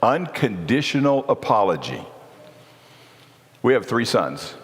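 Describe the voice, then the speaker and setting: A man's voice: medium pitch, big pitch swings, unhurried. Earnest middle-aged man preaching in reverb. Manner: earnest, conversational preaching with rhetorical questions. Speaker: marriage seminar speaker. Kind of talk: sermon. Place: church. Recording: long reverb of a church hall.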